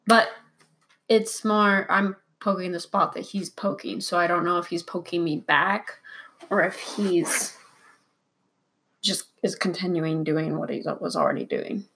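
A young woman co-hosting a casual podcast, telling stories in a relaxed, matter-of-fact way. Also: lowish voice, unhurried, slight background noise. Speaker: podcast co-host. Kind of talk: casual chat.

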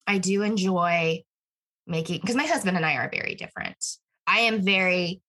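Bubbly, husky-voiced young woman. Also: fairly low pitch, moderate pace, pushed and bright. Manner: bubbly, laughs often. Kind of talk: casual chat.

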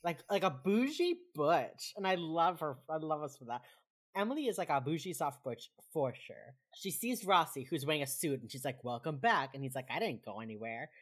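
A woman chats loosely with a co-host about the latest episode, her pitch rising and falling all over as she acts out the characters' lines. Her voice sits on the low side, and she swears easily as she tells the story. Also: very animated, normal speed, breathy edge. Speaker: podcast co-host. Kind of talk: casual chat recapping a TV episode.

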